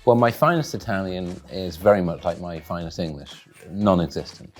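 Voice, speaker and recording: Deep, husky, deadpan man. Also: normal speed, soft background music. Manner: dry, deadpan and wordy. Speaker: guest taste-testing food. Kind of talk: deadpan comic commentary. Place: studio.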